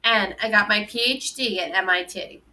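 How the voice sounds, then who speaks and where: A woman's voice: mid-range voice, moderate pace, pushed and bright. A woman reading aloud, voicing a good-natured, easygoing grown man. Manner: friendly, easygoing. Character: good-natured adult man, mother's boyfriend.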